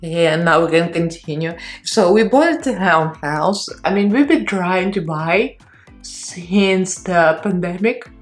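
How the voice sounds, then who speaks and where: A woman's voice: on the low side, slow, faint music behind. Chatty woman with a strained, shaky voice. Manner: rambling, candid, laughs between phrases. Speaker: beauty vlogger and fitness instructor. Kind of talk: chatty get-ready-with-me vlog. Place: home beauty desk.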